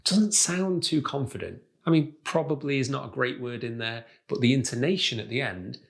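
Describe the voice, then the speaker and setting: A man presenting a tutorial to camera, speaking in a measured, demonstrative way and acting out example replies. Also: mid-range voice, creaky. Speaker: communication coach.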